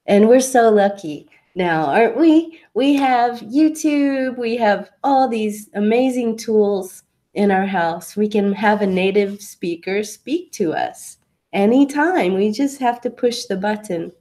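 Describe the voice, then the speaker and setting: A woman teaching English online, explaining pronunciation tips patiently with examples. Her voice is soft and mellow, and she talks at an unhurried, deliberate pace, as if giving the student time to follow. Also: mid-range voice. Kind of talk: online English lesson, answering a student's question.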